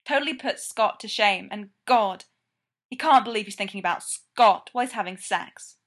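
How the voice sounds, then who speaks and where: A woman reading a story aloud, narrating in a slow, measured way. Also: medium pitch, fairly bright tone. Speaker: reader of fan fiction.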